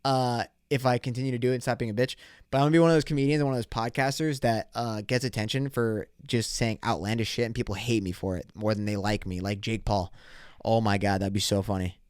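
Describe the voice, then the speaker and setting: A young man rants into a close, dry mic on his solo podcast, his voice smooth and resonant. He swears constantly, drops bro slang, and rambles through stories. He acts out both sides of made-up run-ins. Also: fairly low pitch, fairly even intonation, fast talker, dry recording. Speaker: podcast host. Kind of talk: casual solo podcast rant.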